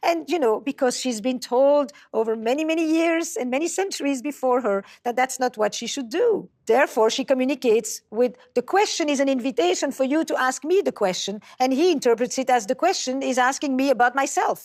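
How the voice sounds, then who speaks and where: High-voiced woman explaining communication. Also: darkish tone. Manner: measured, explanatory, acts out quoted dialogue. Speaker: speaker on communication. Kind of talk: lecture-style talk.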